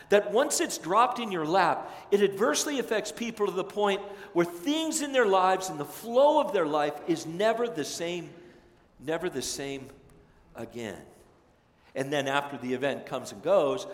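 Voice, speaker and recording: A male pastor preaching a conversational, self-deprecating sermon, slipping into lively voices when he quotes people. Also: fairly high pitch. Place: large church sanctuary. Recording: echoey sanctuary, long reverb.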